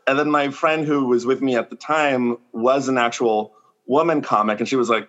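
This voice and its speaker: A man chatting casually on a podcast as a comedian, acting out quoted lines in a higher voice. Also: normal speed. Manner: animated storyteller, acts out quotes in a raised pitch.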